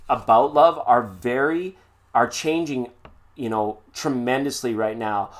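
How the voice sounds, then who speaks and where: A man doing a live-stream tarot reading in a chatty, playful way with sing-song asides. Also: medium pitch. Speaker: tarot reader.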